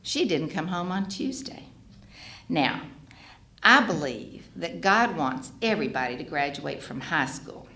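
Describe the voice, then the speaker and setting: In an echoey hall with faint noise behind her, a middle-aged woman gives personal testimony about her recovery at a fellowship gathering, acting out others' voices with real feeling. She speaks low and a little slowly, in a sing-song, bright and forceful way.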